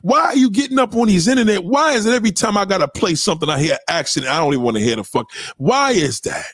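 High-pitched New man ranting hard. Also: lively intonation, fast talker, no echo, studio quality. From New York City. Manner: profane, loud, lecturing, rhetorical questions; swings pitch widely for emphasis. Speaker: commentator. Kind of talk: heated ranting commentary.

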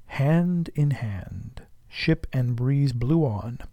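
A man reading a classic novel aloud as an audiobook, measured and at times hushed. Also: mid-range voice, expressive, no echo. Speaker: audiobook narrator. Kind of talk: literary audiobook narration.

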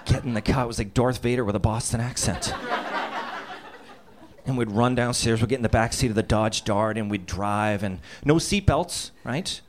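Animated laughing male storyteller from Massachusetts. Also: mid-range voice, normal speed, a crowd in the background. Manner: animated, laughing through lines, acts out voices and sound effects. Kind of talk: comedic personal storytelling.

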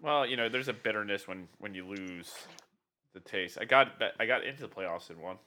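A man in his twenties chatting on a podcast, halting and a bit sheepish, often restarting his sentences. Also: on the low side, pushed and bright. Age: 20s. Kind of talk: casual podcast chat. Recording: faint background noise.

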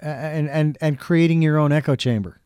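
A man's voice: on the high side, moderate pace, a little mellow, clean tone, dry recording, studio quality. A man hosting a talk show, speaking in a folksy, reflective way with fillers and restarts. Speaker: radio show host. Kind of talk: casual talk show conversation.

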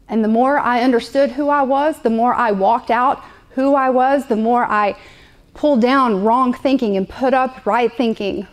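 A woman preaching a sermon to a live congregation, conversational and playful, repeating her points often. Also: a little high. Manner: conversational, repetitive, playful asides.

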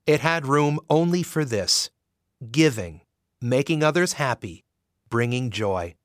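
A man narrating a romance audiobook in an expressive, measured way. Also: mid-range voice, no room sound, clean studio sound.

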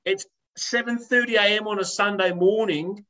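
Man, high voice, animated rant, swears, casual storytelling. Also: moderate pace, muffled recording.

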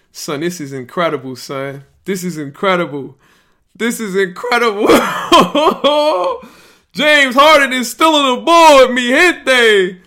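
A podcast host reacting live to a fantasy draft, excitable, yelling and laughing. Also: male voice, sits high.

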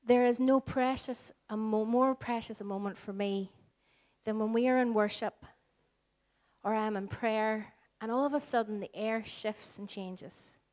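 A woman in her forties with a Northern Irish accent, preaching a sermon as pastor, earnest and shifting between slow emphatic lines and soft, hushed phrases. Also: mid-range voice, fairly even intonation. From Northern Ireland. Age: 40s. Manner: earnest, varies pace, drops to soft whispers for emphasis.

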